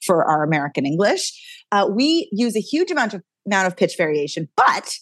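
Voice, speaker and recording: A woman dialect coach chatting energetically as a podcast guest, quick and talkative. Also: medium pitch, very animated, dry recording. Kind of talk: casual podcast interview.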